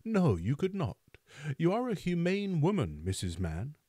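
A pompous, self-important parish beadle holds forth in a stern, oratorical manner, as a man reading aloud plays him. His tone is dark and mellow, and his delivery rises and falls with lively swings. The sound is close and dry. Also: fairly high pitch, measured pace, no room sound, voice pushed up, heavily acted.

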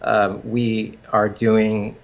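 A man, a company founder, talking casually in an interview, halting with frequent restarts and fillers. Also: lowish voice, monotone, muffled recording.

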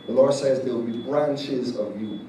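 A man's voice: mid-range voice, normal speed, dark tone. A man preaching in church as an apostle, declaring prophecy over a congregant in fervent bursts. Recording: echoey hall, mic far off, noisy.

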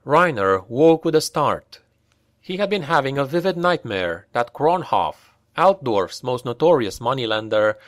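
With a middle-pitched voice, a man narrates a dark fantasy audiobook at a steady, measured pace. The recording sounds dry and close, without any room echo.

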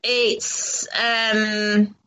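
A woman's voice: mid-range voice, little pitch movement, very slow, bright, forceful tone, clear, resonant tone. A woman co-hosting a talk show, chatting casually and rambling with many fillers. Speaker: radio co-host. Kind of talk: casual chat interview. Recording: dull lo-fi audio.

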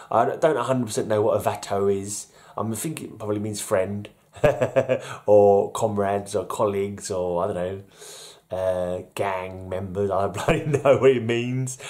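A man's voice: on the low side, a little mellow. Chuckling, rambling man. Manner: rambling, chuckling, self-deprecating. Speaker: vlog host. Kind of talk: casual solo vlog chat.

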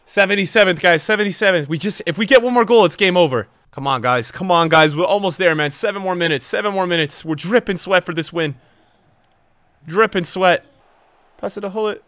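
A young man commentating his own football video game match as a streamer, swinging from low muttering to loud outbursts. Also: brisk, no room sound. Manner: emotional, swings from muttering to shouting. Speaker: gaming streamer. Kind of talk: live gameplay commentary.

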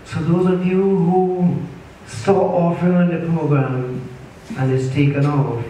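A man's voice: on the high side, fairly even intonation, a little slow, warm tone, slight background noise. A man preaching a sermon as pastor, repeating his lines and asking the congregation to answer back. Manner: preaching with repetition and call-and-response. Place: church sanctuary. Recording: echoey church hall from far off.

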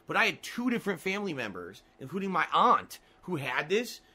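Bright-voiced, exasperated male streamer. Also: a little high, wildly swooping pitch, fairly quick, husky, low-quality recording. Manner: frustrated, swearing, exclamatory. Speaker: gaming streamer. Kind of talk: live gameplay commentary.

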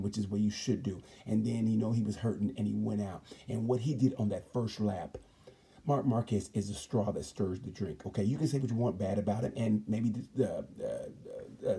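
A man's voice: fairly low pitch, brisk, mellow, slightly rough. A man hosting a comedic motorsport review, rambling and emphatic, often stopping to say "let me tell you something". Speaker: host. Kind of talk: comedic sports commentary.

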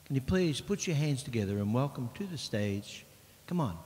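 A man's voice: mid-range voice, animated, normal speed, a little mellow. A man with an Australian accent hosting a homemade comedy bit, introducing guests in a cheeky announcer manner. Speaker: comedy host. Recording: echoey hall with faint hiss.

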